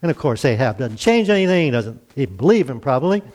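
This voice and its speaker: A middle-aged male pastor retelling a Bible story in a folksy, animated sermon, acting out the quoted voices with chuckles. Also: mid-range voice, quick pace.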